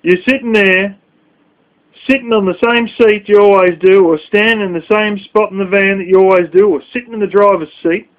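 A man's voice: sits high, steady tone, brisk. A man vlogging in a scornful, heavily profane rant. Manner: scornful, heavy swearing. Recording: dull lo-fi recording.

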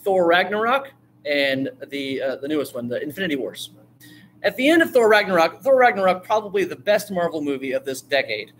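A man teaching a class on storytelling, talking in a lively way, asking the class questions and acting out lines. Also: fairly high pitch, fairly quick, a little hiss or hum. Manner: animated, asks the class questions, acts out quotes. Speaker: writing teacher.

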